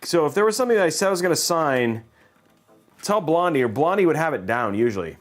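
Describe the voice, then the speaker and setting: A man's voice: a little high, big pitch swings, quick pace. A man hosting a livestream, chatting casually in a rambling, joking way and laughing often. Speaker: livestream host.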